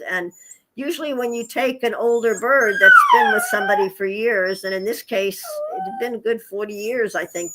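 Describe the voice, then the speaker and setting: A hospice nurse who also rescues animals is a guest on an interview, telling casual, chatty stories with frequent chuckles and asides to her pet parrot. Her voice is mid-range, and the recording is very noisy.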